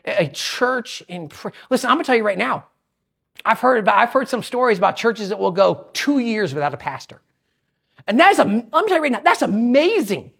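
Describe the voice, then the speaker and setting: A woman pastor delivers a sermon with a high, bright-pitched voice. Her delivery is lively, leaping up into loud, excited bursts and dropping down into quiet asides. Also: fairly quick, vocal fry, breathy edge. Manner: animated preaching, swings from loud bursts to hushed asides.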